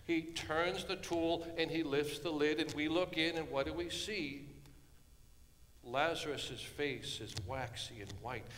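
A man preaching a sermon, telling a story dramatically and dropping from hushed tones to loud ones. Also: fairly high pitch, measured pace, slight background noise. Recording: long hall reverb.

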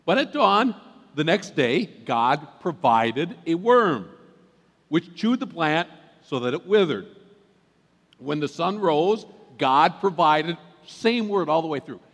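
Animated preaching pastor in a big church. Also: male voice, a little high, long reverb tail. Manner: animated, conversational preaching with asides. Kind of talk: sermon. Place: large church sanctuary.

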